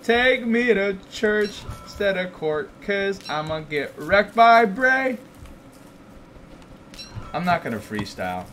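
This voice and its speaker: A man streaming gameplay, chatting casually with goofy, teasing banter and sudden excited outbursts. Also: high-pitched, slow, a little hiss or hum. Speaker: game streamer.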